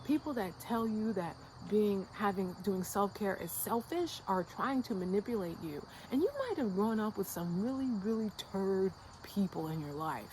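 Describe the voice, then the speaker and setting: A woman's voice: medium pitch, animated, normal speed, hardly any pauses, darkish tone, a little hiss or hum, poor audio. An American woman giving a casual, emphatic motivational rant to her channel, blunt and slangy, hammering her points through repetition. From United States. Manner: fired-up and insistent. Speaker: YouTube creator.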